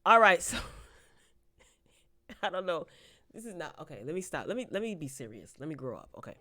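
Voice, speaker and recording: A woman's voice: low voice, expressive, normal speed, pauses often, sharp tone. A woman hosting a casual entertainment news chat, reading headlines aloud and breaking in with laughing asides. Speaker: host.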